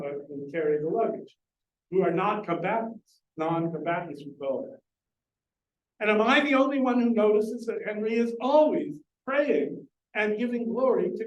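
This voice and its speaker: Male lecturer, high voice, earnest and explanatory, distant mic, roomy hall sound. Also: darkish tone, a little hiss or hum. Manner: earnest, explanatory, addresses the audience with questions. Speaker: lecturer on Shakespeare. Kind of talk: public lecture. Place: library meeting room. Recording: echoey room, distant mic.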